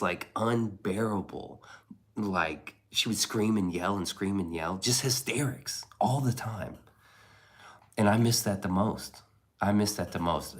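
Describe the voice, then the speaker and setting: Low voiced streamer dude, rambly and sweary, just chatting with chat. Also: male voice. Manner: rambling, profane, laid-back. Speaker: live streamer reading chat. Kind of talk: casual chat.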